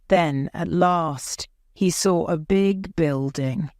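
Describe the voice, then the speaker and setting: A woman narrating a graded reader story in a slow, even, carefully pronounced way. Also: lowish voice, no echo, clean studio sound.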